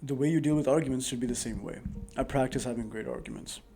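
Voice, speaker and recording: A man talks to his viewers about handling arguments. His tone is warm and relaxed, and he speaks in an earnest, rambling way with plenty of "like" fillers. It sounds like a casual advice vlog recorded on a microphone. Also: mid-range voice, quick pace, breathy edge. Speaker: advice vlogger. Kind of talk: casual advice monologue to camera. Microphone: new dedicated microphone.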